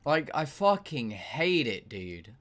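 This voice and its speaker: A man's voice: mid-range voice, sing-song, takes it slowly, fairly bright tone, faint music behind. A young man, chatting casually and ranting with exasperation while he streams a game. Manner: ranting, exasperated, swears a lot. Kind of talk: casual chat while gaming.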